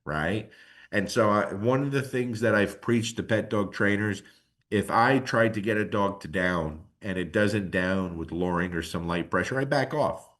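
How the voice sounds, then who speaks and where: Emotional, animated low-voiced man. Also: moderate pace. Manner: casual, slangy. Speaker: guest dog trainer. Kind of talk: podcast conversation.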